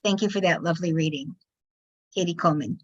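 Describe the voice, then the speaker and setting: A woman hosting a literary reading, thanking readers and introducing the next one in a warm, halting way full of ums and uhs. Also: fairly low pitch, highs cut off. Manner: warm, halting, with many fillers. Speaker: host of a reading series.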